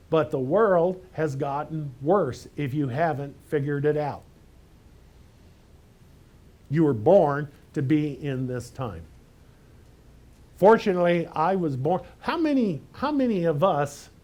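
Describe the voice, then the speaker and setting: Male pastor, slightly higher voice, conversational but emphatic preaching, lots of rhetorical questions. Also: warm tone. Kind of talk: sermon.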